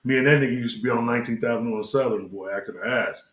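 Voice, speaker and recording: A middle-aged guest rapper talks at a racing pace in a medium-pitched, fairly bright voice, telling loose, profane, rambling stories from his life in a casual interview. The studio sounds roomy and echoing, with a little hiss or hum.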